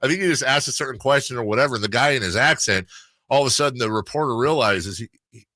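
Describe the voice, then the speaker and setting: A man's voice: mid-range voice, fast talker, no echo. A man hosting a sports radio show, telling stories in casual banter and laughing often. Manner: animated storyteller, laughs often. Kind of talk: casual chat. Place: radio studio.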